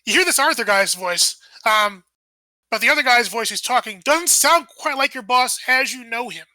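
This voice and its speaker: A woman narrating as game master of a tabletop game, thinking aloud with a halting manner. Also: on the high side, expressive, sharp tone, no room sound.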